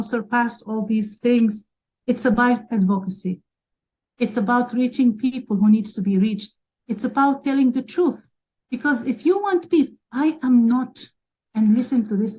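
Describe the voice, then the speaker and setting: A Palestinian woman on a webinar panel gives an impassioned advocacy talk, sounding emotional and urgent as she argues for advocacy. Her voice is fairly high and mellow, and the recording quality is low.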